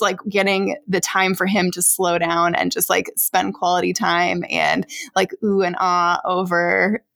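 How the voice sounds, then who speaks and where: Casting: woman, thirties, casual affectionate podcast co-host, vocal fry. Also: medium pitch. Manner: warm, affectionate, laughs often. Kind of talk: casual chat.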